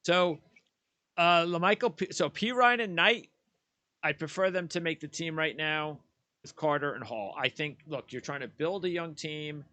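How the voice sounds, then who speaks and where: A man's voice: fairly high pitch, normal speed, bright, forceful tone, dry recording. A man co-hosting a sports talk show, arguing his roster picks in an emphatic, opinionated way with frequent restarts. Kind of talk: casual sports debate.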